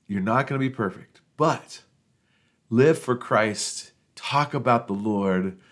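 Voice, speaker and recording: A man's voice: medium pitch, takes it slowly, fairly bright tone. A man hosting a podcast for pastors, telling funny church stories in a casual, chatty way and laughing at his own jokes. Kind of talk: casual storytelling talk.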